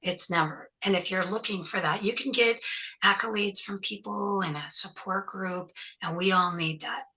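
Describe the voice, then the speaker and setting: A woman's voice: mid-range voice, moderate pace, sharp tone, poor audio. A woman interview guest speaking as a survivor and activist, talking in an emphatic, encouraging way. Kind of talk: conversational interview advice.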